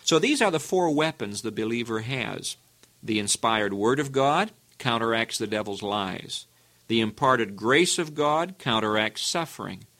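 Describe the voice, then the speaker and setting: Emphatic male preacher. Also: sharp tone. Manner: earnest, emphatic, with sudden rises in pitch; asks rhetorical questions. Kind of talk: sermon.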